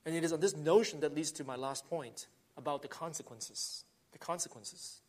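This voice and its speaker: Earnest preaching man, slightly high voice. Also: normal speed, darkish tone. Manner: earnest preaching with swells of emphasis and frequent restarts. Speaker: pastor. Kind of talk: sermon.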